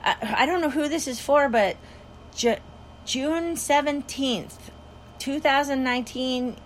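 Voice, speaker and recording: Sweet female tarot reader with odd accent, pitched high, halting; woman imitating her. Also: slight background noise. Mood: earnest.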